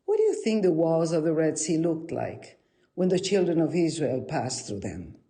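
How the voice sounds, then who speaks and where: A woman's voice: sits low, sing-song, normal speed, dark tone, slightly rough, heavily acted. A woman storyteller voicing a learned rabbi quizzing his students in a told tale. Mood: teaching. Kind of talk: oral storytelling.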